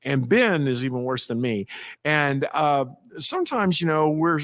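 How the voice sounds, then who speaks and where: A man's voice: on the high side, a little slow, dry recording. A man, a pastor, telling stories in a folksy, rambling way and acting out the people he quotes. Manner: animated, acts out quoted people with a raised voice. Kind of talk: casual storytelling talk.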